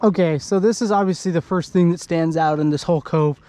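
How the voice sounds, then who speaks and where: A man from Idaho giving excited, chatty commentary to the camera while fishing from a kayak on a lake. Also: fairly high pitch, fairly quick, no room sound. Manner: excitable, exclaiming, chatty with viewers. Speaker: fishing vlogger. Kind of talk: casual outdoor commentary to camera. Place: kayak on an open lake outdoors. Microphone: handheld camera.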